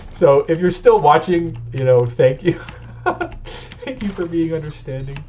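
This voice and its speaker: A man's voice: on the high side, animated, measured pace, darkish tone, highs cut off, slight background noise. A man hosting a let's play, talking in a rambling, confessional way with restarts and laughs, recorded on a webcam mic. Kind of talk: candid gameplay commentary. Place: home computer setup. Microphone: built-in webcam microphone. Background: keyboard clacking and faint game music.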